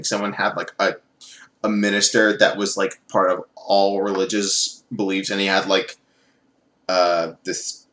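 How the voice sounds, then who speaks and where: A man's voice: on the low side, fairly bright tone. A man reviewing a TV show in a casual video, rambling and sarcastic, with many fillers.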